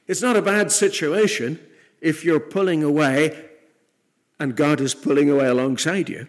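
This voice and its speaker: A man preaching a sermon in an earnest way, rising to emphatic peaks and then dropping soft. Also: a little high, steady tone, normal speed.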